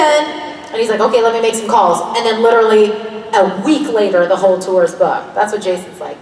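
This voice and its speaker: A woman's voice: medium pitch, a little hiss or hum. Chatty woman in an echoey hall. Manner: chatty, candid, laughs often, swears casually. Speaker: convention panel guest. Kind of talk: casual convention Q&A chat. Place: large convention hall. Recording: echoey hall, distant mic, faint ambience.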